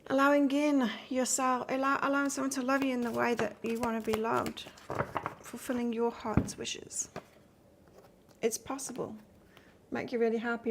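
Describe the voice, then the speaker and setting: A woman's voice: a little high, flat delivery, moderate pace, background noise. A woman from England doing a live tarot reading, chatting casually and reading out cards while answering viewer comments. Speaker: tarot reader.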